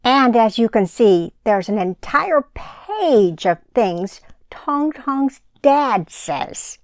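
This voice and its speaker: A woman reads a picture book aloud to children at church, slow and deliberate. Her voice sits a little high. The sound is dry and close. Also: no echo. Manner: slow, deliberate, expressive reading. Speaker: children's sermon storyteller.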